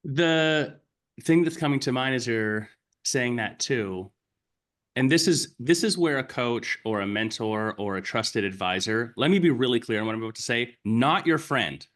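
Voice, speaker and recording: A man's voice: mid-range voice, animated, normal speed, fairly bright tone. A man business coach in casual chat, blunt and emphatic, swearing freely as he explains his point step by step.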